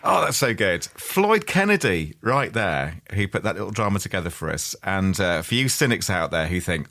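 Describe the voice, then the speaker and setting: A man's voice: deep voice, very animated, moderate pace, hardly any pauses, fairly bright tone. A man hosting a tech podcast, chatting in a jokey, teasing way. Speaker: podcast host. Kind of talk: casual chat.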